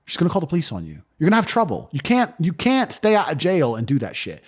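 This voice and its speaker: Fast-talking guy in an interview, real lively up-and-down delivery, blunt and cocky, swears a lot, does little voices for other people. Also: a little high. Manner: blunt, boastful, swears freely; acts out quoted voices of others. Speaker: interview guest. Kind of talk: casual interview talk.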